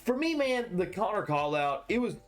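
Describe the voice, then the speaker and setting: Man, high voice, very lively swings, casual profane fight talk. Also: normal speed. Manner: animated, profane, mimics fighters. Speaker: podcast co-host. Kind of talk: casual fight-reaction chat.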